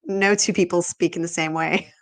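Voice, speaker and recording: A woman with a South African accent, a guest author being interviewed over a video call, relaxed and measured. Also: on the low side.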